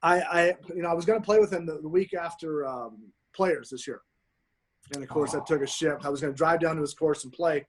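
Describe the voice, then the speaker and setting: Podcast guest, male, a touch high-pitched, gushing profane storyteller. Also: brisk. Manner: swears constantly, excited and emphatic. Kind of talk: casual storytelling chat.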